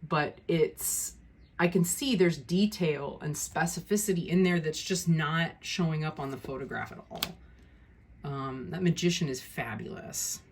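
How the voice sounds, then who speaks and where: A woman's voice: sits low, a little slow, breathy edge. A woman talking casually through a tarot deck walkthrough, frank and easily exasperated, with many ums and restarts. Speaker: tarot video creator.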